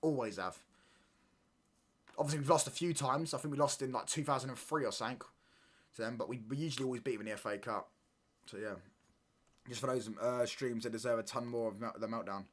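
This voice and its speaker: A man hosting a live football watchalong, talking in excitable, slangy banter and reacting to the play as it happens. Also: medium pitch, fast, pauses often. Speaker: watchalong streamer.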